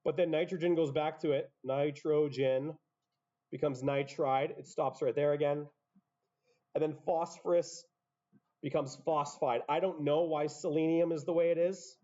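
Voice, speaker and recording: A muffled classroom lecture features a high school chemistry teacher whose voice is a little high and dark in tone, steady and at a moderate pace. He walks through material step by step, interrupting himself with asides.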